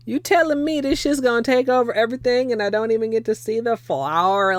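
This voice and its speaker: Recorded dry, a young woman with a slightly high voice talks at normal speed on a livestream while doing her manicure. She swears freely, laughs often and thanks her viewers as she chats.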